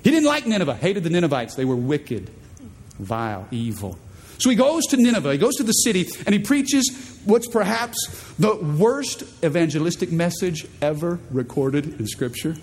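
A man preaching a sermon as pastor, animated and playful, acting out voices in the stories he tells. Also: moderate pace, husky, big-room sound. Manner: animated, acts out quoted voices in high pitch.

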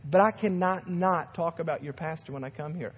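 Speaking in a big church sanctuary with long hall reverb, this thirties-aged guest pastor delivers a sermon full of dramatic stories and acted-out voices. His tone is a little high, brisk, and slightly rough.

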